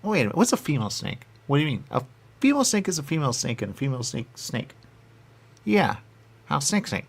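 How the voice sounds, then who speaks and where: A man rambling in a goofy comic back-and-forth with himself, answering his own questions and dropping into hushed asides. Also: fairly high pitch, very animated, quick pace, creaky, breathy edge. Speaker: radio show personality.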